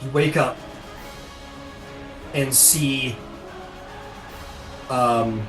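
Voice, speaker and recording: A man's voice: medium pitch, a little slow, distant mic. A man narrating a tabletop game as game master, rambling with many fillers. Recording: echoey room, music behind.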